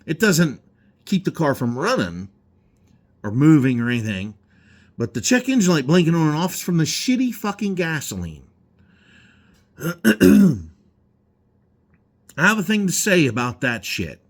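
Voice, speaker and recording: Profane ranting man, swinging pitch. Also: very animated, measured pace, long pauses. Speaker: garage owner. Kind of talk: rambling vlog monologue. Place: indoor garage.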